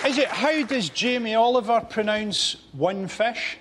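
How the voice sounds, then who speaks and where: A man on a comedy panel, delivering joke answers in a deadpan way. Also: very high-pitched, a little slow, over a noisy crowd, very noisy. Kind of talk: comic quiz answers.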